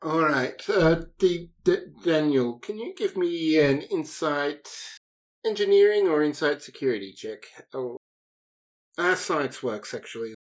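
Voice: mid-range voice, lively intonation. A game master running a tabletop game, hesitant and full of fillers. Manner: slow, hesitant, many fillers.

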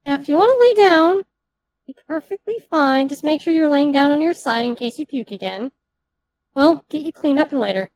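Man putting on a high soothing lady officer. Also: lively intonation, moderate pace, a little mellow, no room sound, poor audio. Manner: soothing, hesitant, motherly. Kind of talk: tabletop role-play.

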